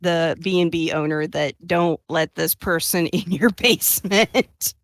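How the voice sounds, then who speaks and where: A woman's voice: on the low side, a little slow, dry recording. A woman playing a tabletop game, chattily explaining what her character does. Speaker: player.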